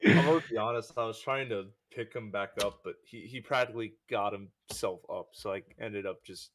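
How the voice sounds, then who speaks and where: A man's voice: lowish voice, a little fast, a bit bright, a little hiss or hum. A young man guesting on a podcast, sheepishly explaining himself and laughing a lot in casual chat.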